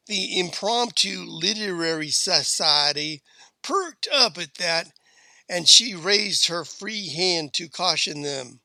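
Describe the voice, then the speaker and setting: A man narrating a western tale in an unhurried, folksy storytelling manner. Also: a little high, gravelly, bright, forceful tone, no echo. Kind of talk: storybook reading.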